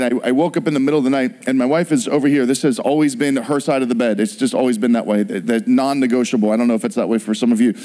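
A middle-aged man preaching a sermon, telling a personal story with animated storytelling and acted-out voices. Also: mid-range voice. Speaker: pastor.

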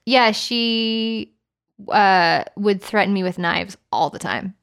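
A woman's voice: medium pitch, takes it slowly, fairly bright tone, clean tone. A woman co-hosting a podcast in casual chat, a playful, jokey storyteller who breaks into mock accents. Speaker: podcast co-host.

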